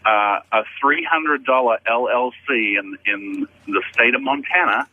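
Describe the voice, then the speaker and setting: A man's voice: mid-range voice, measured pace. A man from Australia with an Australian accent worn down by years in Texas, calling in to a radio show and talking bluntly, with casual swearing. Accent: Australian, softened by years in Texas. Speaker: caller. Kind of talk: phone call to a radio show. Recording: tinny phone line.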